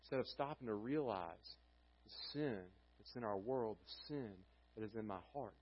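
A man preaching a sermon as a pastor, swinging between fervent, loud scripture reading and quiet, solemn warnings. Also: mid-range voice, lively intonation, moderate pace, muffled recording.

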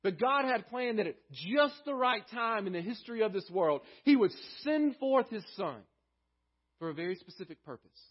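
Male pastor, sermon delivery, earnest and emphatic, breathy tone. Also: expressive, normal speed, highs cut off. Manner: earnest preaching, rising for emphasis and dropping low.

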